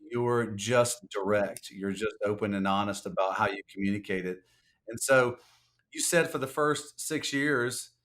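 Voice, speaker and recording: A man's voice: medium pitch, a bit bright. A man hosting a podcast interview, reflecting at length before asking his questions. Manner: reflective, long rambling questions. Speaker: podcast host.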